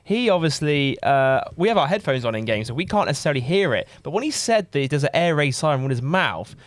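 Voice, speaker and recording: An upbeat man with a somewhat high voice hosts a podcast, reading listener questions at a quick clip. The close, dry sound has no room around it. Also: very animated, dry recording. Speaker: podcast host. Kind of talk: casual podcast chat.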